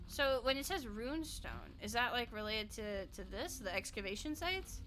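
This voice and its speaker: A woman's voice: a little high, animated, normal speed, hardly any pauses, background noise. A young adult woman streaming a game, chatting casually in a bubbly way, laughing often and swearing offhandedly. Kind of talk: casual live-stream chat while playing.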